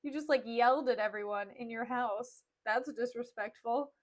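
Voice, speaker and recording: A woman's voice: fairly high pitch, moderate pace, natural voice. A woman voicing an exasperated young bride who speaks bluntly in casual slang. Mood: annoyed.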